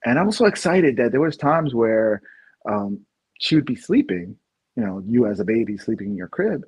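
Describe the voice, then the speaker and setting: In casual podcast chat, a thirty-something male co-host tells animated stories and laughs a lot. He has a husky, mid-range voice and speaks at a moderate pace.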